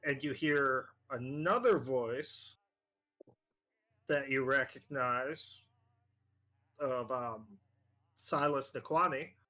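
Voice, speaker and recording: A man acting as game master, narrating a tabletop horror game in a halting way with many fillers. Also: mid-range voice, pushed and bright.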